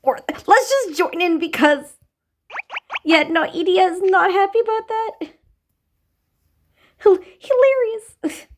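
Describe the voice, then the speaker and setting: A woman's voice: very high voice, measured pace. A woman giving casual, giggly commentary while playing a game, gushing over how cute it is. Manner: giggly, gushing, excitable reactions. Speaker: gaming video creator.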